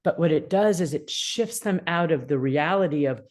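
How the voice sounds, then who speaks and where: A woman's voice: sits low, normal speed. A woman in her sixties, an attorney mediator, explaining parenting advice and acting out what upset teens feel. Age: 60s. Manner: animated, acts out quoted feelings.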